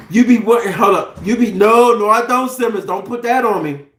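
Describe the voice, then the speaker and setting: A man in his thirties hosting a casual livestream, animated, joking and profane. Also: high voice, normal speed, echoey room. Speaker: livestream host.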